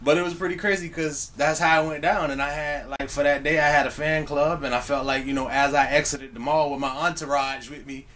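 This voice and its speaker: With a slightly high, steady voice, this young adult man talks a bit quickly and barely pauses, his tone fairly bright. He's a vlogger telling a personal story to camera in a laid-back, slang-heavy way, often speaking directly to his viewers.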